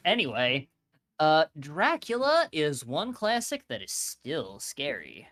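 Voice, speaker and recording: A woman's voice: low-pitched, huge pitch swings, slow, a bit bright. A woman streamer reading game lines for fun, giggly and swearing often. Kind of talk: casual voice acting stream.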